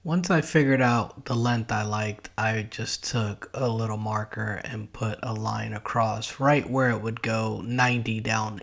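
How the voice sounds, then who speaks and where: Middle-aged male DIY host, lowish voice, plain step-by-step voice-over. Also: vocal fry, fairly bright tone. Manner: plain, matter-of-fact step-by-step explaining. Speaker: DIY car channel host. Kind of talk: voice-over narration of a DIY car project.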